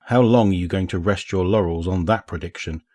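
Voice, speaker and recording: A gruff, weary warrior gives short, blunt replies in a low voice as a man reads him. He sounds steady and terse, close to the reader's own tone. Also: a little fast.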